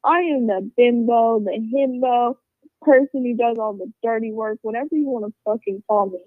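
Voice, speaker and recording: A woman with a slightly high voice rambles through a casual story, cursing freely and piling on fillers. The sound is thin and phone-like, with a dry, close feel and no room echo. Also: moderate pace. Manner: rambling, swears a lot, with lots of fillers.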